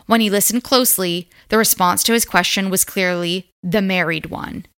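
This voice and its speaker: A woman's voice: mid-range voice, normal speed, a bit bright, clear, resonant tone. A woman co-hosting a podcast, telling a ghost story and chatting casually, with fillers and the odd swear. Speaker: podcast co-host.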